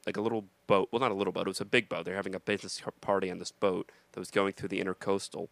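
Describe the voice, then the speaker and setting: Gravelly animated male comedian storyteller. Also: sits low, rapid-fire, dry recording. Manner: animated storyteller acting out voices. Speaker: comedian and podcast host. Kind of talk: casual storytelling chat.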